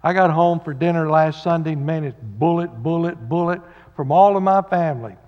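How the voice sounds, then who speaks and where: A man's voice: fairly high pitch, moderate pace. A man preaching a sermon as pastor, folksy and joking, with lots of fillers. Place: church sanctuary. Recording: dull sound with long hall reverb.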